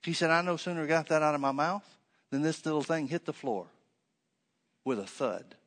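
A man's voice: fairly high pitch, animated, moderate pace, a bit bright, big-room sound. A man preaching a conversational sermon, telling a story with many fillers and restarts.

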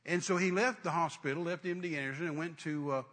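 A man's voice: on the high side, fast, fairly bright tone. A middle-aged male preacher telling a story in a sermon, fervent and full of restarts and trailing "and, uh" fillers.

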